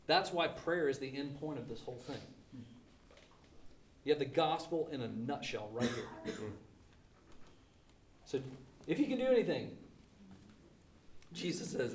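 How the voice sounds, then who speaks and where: A man's voice: medium pitch, big pitch swings, moderate pace, long pauses, far from the mic, slight background noise. Preaching man in an echoey church. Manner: emphatic, conversational preaching with rhetorical questions. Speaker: pastor. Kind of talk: sermon.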